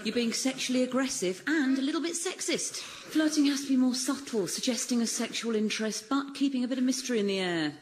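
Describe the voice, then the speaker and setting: A woman's voice: sits high, a little fast, hardly any pauses. A woman, a regular guest on a comedy show, answering with dry, sardonic put-downs. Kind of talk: comedy banter. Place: radio show stage with live audience. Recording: noisy live radio recording.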